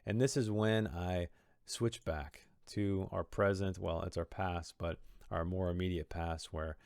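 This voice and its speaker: A man's voice: low-pitched, steady tone, a little slow, vocal fry, a little mellow, no room sound, studio quality. A man talking through a story he wrote, explaining his choices in a thoughtful, rambling way with many restarts. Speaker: author discussing his own story. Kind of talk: reflective commentary on his own writing.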